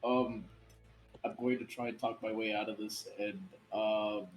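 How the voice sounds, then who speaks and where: A man's voice: lowish voice, fairly even intonation, unhurried, a little hiss or hum, poor audio. A man chatting casually as a player in a tabletop game, hesitant and stammering.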